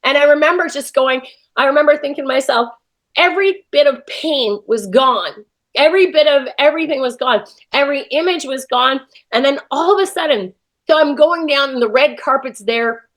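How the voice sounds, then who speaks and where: Woman, kinda high voice, telling her story all animated in an interview. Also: moderate pace. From Canada. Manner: animated, acts out her own past thoughts. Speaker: interview guest. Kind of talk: emotional personal storytelling.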